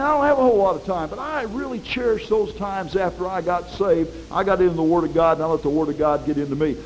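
A middle-aged man preaching a sermon in a folksy, animated way, with dramatic swings in his voice. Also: high-pitched, a little hiss or hum, low-quality recording.

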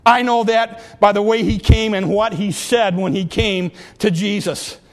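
A middle-aged male pastor in full sermon mode, with a notably high voice. He climbs to fervent, near-shouted peaks and then falls back to soft, confiding remarks to the congregation. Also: steady tone, unhurried. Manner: preachy, rising to impassioned peaks and dropping to quiet asides.

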